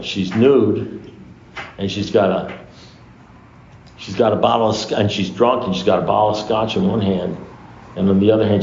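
A man speaking to a recovery meeting, telling a long story in an animated way, acting out the dialogue and swearing freely. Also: low-pitched, creaky, a little hiss or hum. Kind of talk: storytelling talk to an audience. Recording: echoey room, dull lo-fi sound.

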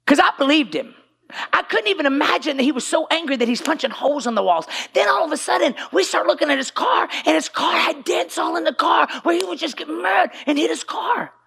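A woman pastor, preaching a sermon as emotional storytelling and often shouting for emphasis. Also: high-pitched, animated, fairly quick, vocal fry. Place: church stage.

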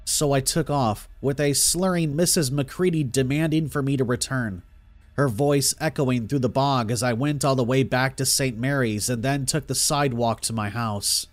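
A man reads a horror story aloud at a middle pitch, his delivery steady and even. Faint music plays under his voice. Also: moderate pace. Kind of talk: scripted narration.

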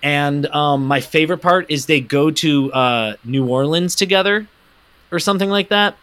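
Man, podcast co-host, animated profane rant, bright tone. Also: on the high side, moderate pace. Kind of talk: casual comedic chat.

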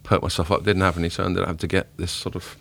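A man hosting a podcast in casual chat, rambling and self-deprecating, a little hungover and rough-voiced. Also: low voice, flat delivery, rapid-fire. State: hungover, voice a bit deeper than usual. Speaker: podcast host.

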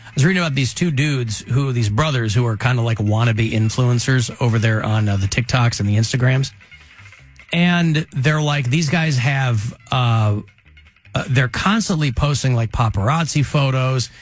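A man hosting a radio talk show, chatting casually with rambling, animated asides. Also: mid-range voice, normal speed, faint music behind. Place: radio studio.

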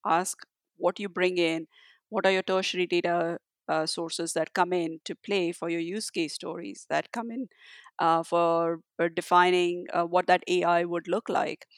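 Smooth-voiced woman, halting and thoughtful. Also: lowish voice, flat delivery, no room sound, clean studio sound. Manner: halting, many restarts and fillers. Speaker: guest, tech leader. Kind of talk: conversational interview answer.

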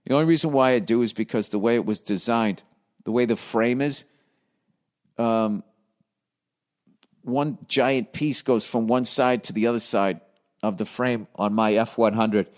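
A middle-aged man with a profane, ranting, self-deprecating manner, telling a casual comedic story. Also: medium pitch.

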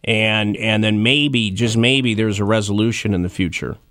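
A man's voice: lowish voice, moderate pace, fairly bright tone, dry recording, studio quality. A man in his thirties hosting a casual comedy chat about odd news stories, joking and rambling with fillers and asides. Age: 30s. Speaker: host.

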